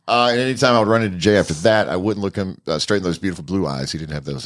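A man's voice: deep voice, rapid-fire, few pauses. A man on a casual podcast reading a long message aloud and adding his own asides. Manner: animated, reads aloud with asides.

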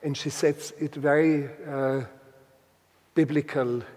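Male storyteller, deliberate and halting delivery, very slow, recorded with a long reverberant tail. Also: a little high, fairly even intonation, a little mellow. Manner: halting, deliberate, with many restarts. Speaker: guest telling a story. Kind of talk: slow reflective storytelling with readings.

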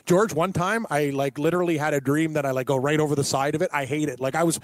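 A man's voice: fairly high pitch, steady tone, quick pace, no room sound. A man from Canada chatting casually, often laughing and joking about his own fears, with plenty of "like". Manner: laughs often, self-deprecating, uses "like" a lot. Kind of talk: casual chat.

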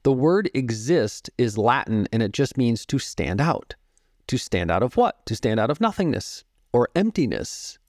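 A man in his fifties, a podcast guest, telling stories about music and meditation in a calm, reflective way and explaining through analogies. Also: mid-range voice, moderate pace, no room sound, studio quality. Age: 50s. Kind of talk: storytelling interview talk.

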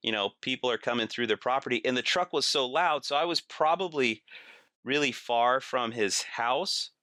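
Animated man telling a wild story. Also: mid-range voice, normal speed, no room sound, clean studio sound. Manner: animated, acts out quotes, laughs through stories. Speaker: guest. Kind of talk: casual storytelling.

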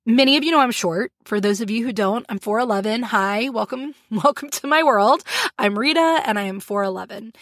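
A woman hosting a solo podcast, talking in an animated way with frequent laughs and acted-out little scenes. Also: on the high side, a little fast, no echo, studio quality. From Florida, US. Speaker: podcast host.

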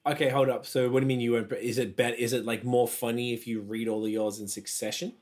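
A man's voice: mid-range voice, fairly even intonation, quick pace, darkish tone. Guy co-hosting a podcast, teasing, laughs easy, mid voice. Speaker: podcast co-host. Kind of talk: casual podcast banter.

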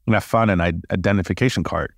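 A man, a podcast guest, telling stories casually in an animated way, laughing and acting out dialogue. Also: deep voice, quick pace, vocal fry, dry recording, clean studio sound. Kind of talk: casual storytelling.

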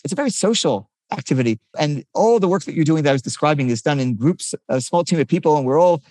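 A man's voice: fairly high pitch, expressive, fast, warm tone, dry recording, studio quality. An older man, a physicist guest, explaining his research eagerly in a conversational interview, often restarting his sentences.

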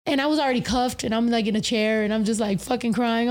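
A young woman on a podcast, telling a story with plenty of swearing and lively acted-out quotes. Her voice sits a little high for a woman. She talks casually and loosely. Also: fast talker. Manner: profane, animated, acts out quotes. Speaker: podcast co-host.

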